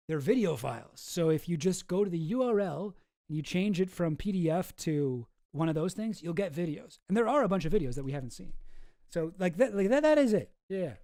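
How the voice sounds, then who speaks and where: Male streamer host, fairly high mellow voice, sarcastic and rambling, dry close sound. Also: no echo. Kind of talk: casual livestream commentary.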